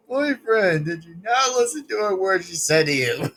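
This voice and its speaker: A man's voice: high-pitched, unhurried, a bit bright, slight background noise. A man rambling through casual reaction commentary, laughing often and swearing. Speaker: video reactor.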